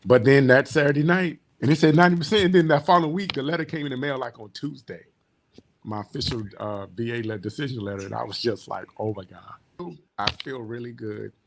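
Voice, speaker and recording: A man of middling pitch tells his own story in a rambling, heartfelt way. His sentences wander and trail off into quiet asides. It sounds like a veteran's personal client testimonial. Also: quick pace, slight background noise.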